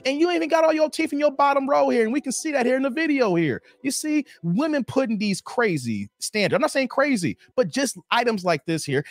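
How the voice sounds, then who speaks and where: A man hosting a reaction video, commenting in an animated, preachy way and tacking "here" onto his sentences. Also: high-pitched, no room sound. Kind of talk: commentary on a played clip.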